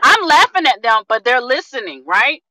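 A woman in her thirties, a community member, gives an energetic, preachy testimony on a group video call, repeating herself for rhythm and calling her listeners family. Her voice is high and her pace moderate. The recording is rough, with no room sound.

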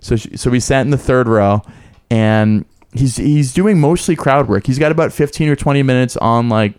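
A man's voice: moderate pace, clean tone. A man co-hosting a casual chat, telling a long story and acting out other people's voices. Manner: animated, acts out voices in a high squeal. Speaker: podcast co-host.

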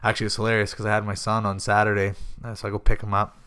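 A man's voice: fairly low pitch, monotone, racing, pushed and bright, clean tone. Chatty man telling a long story. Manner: rambling storyteller, acts out quoted voices. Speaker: MMA fighter. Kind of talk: casual podcast chat.

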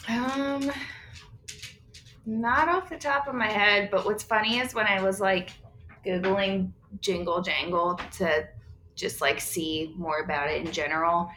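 A woman's voice: mid-range voice, measured pace, bright, forceful tone, roomy sound, slight background noise. A woman guest in a casual movie discussion, rambling and hedging as she talks. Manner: rambling, hedging with "like" and "I don't know". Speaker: podcast guest.

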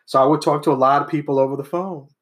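A man's voice: a little high, fairly even intonation, fast, fairly bright tone. A man telling stories, acting out quotes. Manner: storytelling, acts out voices of people he quotes. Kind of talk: casual chat.

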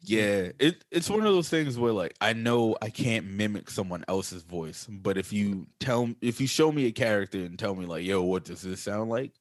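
A man with a fairly low voice co-hosts a podcast in a casual, joking way, trading banter and laughing easily. His voice is recorded close and dry, with no room echo. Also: lively intonation, moderate pace, few pauses. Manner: laid-back, joking banter with frequent laughs. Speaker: podcast co-host. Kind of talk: casual chat.

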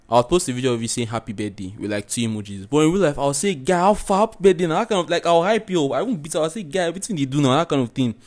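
Laid-back man, slangy podcast talk. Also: mid-range voice. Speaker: podcast co-host. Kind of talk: casual podcast chat.

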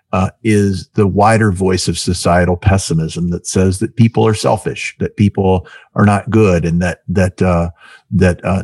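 A man hosting an interview who speaks in a halting, reflective way with many restarts. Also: deep voice, a little mellow, slightly rough, dry recording, studio quality. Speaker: host. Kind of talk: conversational interview.

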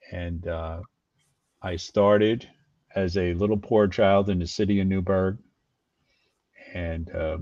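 An excitable, animated man from New York, a guest on a casual video call show. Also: low-pitched, no echo, highs cut off.

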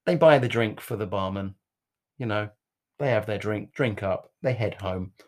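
A man's voice: fairly low pitch, moderate pace. A man co-hosting a casual podcast, teasing and giggling while telling jokes. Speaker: podcast co-host.

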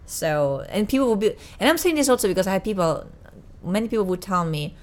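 A woman's voice: medium pitch, animated, fast talker. A young woman from Italy, English not her first language, chatting casually and often stopping to search for words. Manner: searching for words, many restarts. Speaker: podcast guest. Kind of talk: casual chat.

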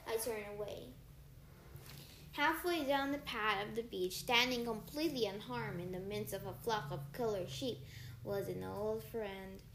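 Woman, first-person story reading, lively with small stumbles, faint background hiss. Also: medium pitch, a little slow, echoey room, poor audio. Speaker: audiobook reader.

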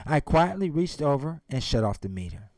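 A man's voice: on the high side, sing-song, moderate pace, a little mellow, dry recording. A man giving a motivational speech and retelling a story, emphatic and speaking straight to his audience. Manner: emphatic, addresses the audience directly.

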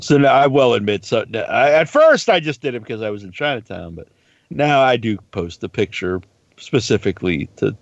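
A man's voice: medium pitch, very animated, moderate pace, no room sound. A man on a podcast, chatting casually and telling long, rambling stories with plenty of swearing. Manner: rambling storyteller, swears freely. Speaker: podcast co-host. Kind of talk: casual chat. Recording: slightly dull, dry recording.

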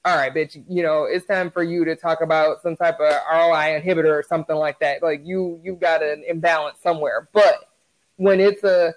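Speaking briskly and steadily in a higher-pitched voice, this man co-hosts a podcast over a rough recording. The chat is casual and candid, and he often restarts, doubling up words at the start of sentences.

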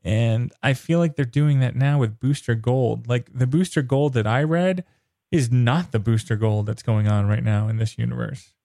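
Brief: male podcast host, excitable and exasperated, dry close mic. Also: medium pitch, normal speed, vocal fry, no room sound. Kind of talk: casual comic book chat.

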